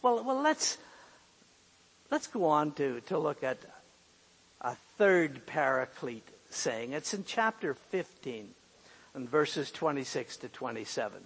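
A man's voice: a little high, big pitch swings, slow pace, a bit bright, slightly rough. A man preaching a sermon in an earnest way, repeating key phrases for emphasis. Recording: long hall reverb.

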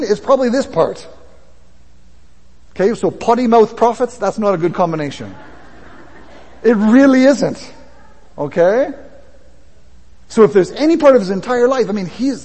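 A man's voice: sits high, a little mellow, slightly rough. A man preaching a sermon in a conversational way that builds in intensity. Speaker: pastor. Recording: long hall reverb.

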